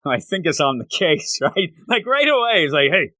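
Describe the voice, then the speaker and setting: A man co-hosting a manga review show in casual chat, retelling scenes in an animated way with quick asides. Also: fairly high pitch, no echo. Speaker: podcast co-host reviewing manga.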